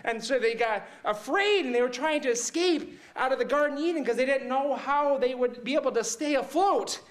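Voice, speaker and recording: A man playing a mixed-up, excitable storyteller who retells Bible stories to kids, rambling and checking in with "right?" and "okay?". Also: very high-pitched, brisk. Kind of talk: comic Bible story monologue.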